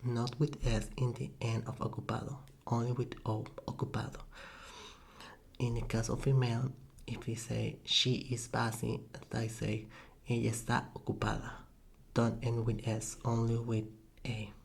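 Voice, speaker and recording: A man giving a soft-spoken ASMR language lesson into a desk microphone, halting and correcting himself often, with soft laughs. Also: mid-range voice, monotone, vocal fry. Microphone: USB desk microphone.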